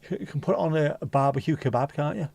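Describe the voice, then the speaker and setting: A man with a Liverpool accent rattles along rapid-fire in a fairly high, husky, creaky voice with a darkish tone and no echo. As a livestream host, he reads viewer comments casually, joking, rambling and swearing freely.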